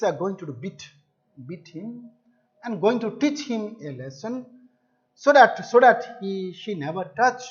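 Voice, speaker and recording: A male English teacher explaining a story to his students, repeating and restating words to make the meaning clear. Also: high voice. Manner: addresses listeners as dear children. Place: home or classroom video lesson. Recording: dull lo-fi recording.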